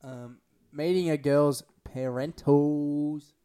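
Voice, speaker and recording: A man's voice: a little high, steady tone, takes it slowly, dark tone, clear, resonant tone. A young man, a podcast co-host telling rambling, sweary stories in casual chat.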